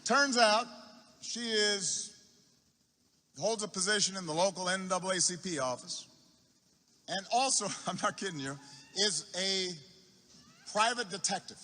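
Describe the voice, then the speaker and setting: Man, rally speaker, high bright tone, storytelling with deliberate repetition, long arena reverb. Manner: unhurried anecdote with repetition for effect and halting restarts. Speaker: political speaker at a campaign rally. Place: large university arena.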